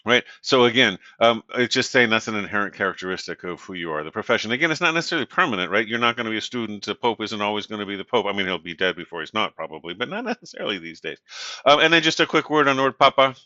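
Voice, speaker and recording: A man's voice: lowish voice, very fast, no echo. Male Spanish instructor, casual lecture delivery, lo-fi dry recording. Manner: relaxed and conversational, many fillers and "right?" tag questions. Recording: dull, dry lo-fi audio.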